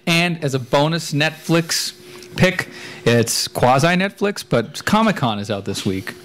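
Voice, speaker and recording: A man's voice: on the high side, animated, a little slow, fairly bright tone. A man co-hosting a casual podcast, giving rambling reviews with jokey asides. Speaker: podcast co-host. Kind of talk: casual chat. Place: echoey room at home.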